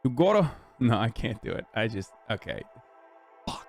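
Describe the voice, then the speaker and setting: A male streamer doing casual commentary, joking, swearing and animated. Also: fairly low pitch, normal speed, vocal fry, no room sound, faint music behind.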